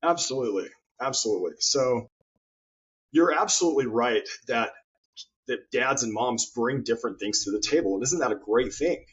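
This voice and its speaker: A man's voice: medium pitch, lively intonation, moderate pace, husky, highs cut off. A man, a guest author in an interview conversation, telling stories earnestly and often repeating his words as he goes.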